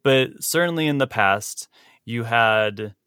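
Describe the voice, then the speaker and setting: A man hosting a podcast in casual chat, animated and laughing often as he talks. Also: slow pace, smooth, no echo, clean studio sound. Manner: animated, laughs often, big pitch jumps. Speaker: podcast host.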